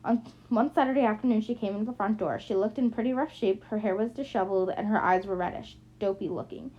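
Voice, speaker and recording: A woman's voice: medium pitch, quick pace, mellow. Woman reading a novel, muffled sound. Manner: plain reading with frequent restarts. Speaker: audiobook reader. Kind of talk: first-person novel narration, amateur reading. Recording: muffled lo-fi recording.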